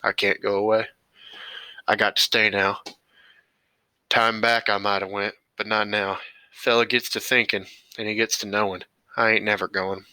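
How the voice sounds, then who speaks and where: A man voicing a lonely, resigned farmer who stays alone on the land, speaking quietly in plain rural speech. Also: fairly low pitch, flat delivery, normal speed, pauses often, clean tone, no echo, poor audio.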